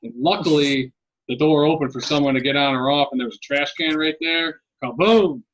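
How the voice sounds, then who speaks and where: A man's voice: on the high side, a little fast, poor audio. A man co-hosting a podcast, telling a story in a casual group chat with lots of swearing. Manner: profane, animated storyteller. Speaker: podcast co-host.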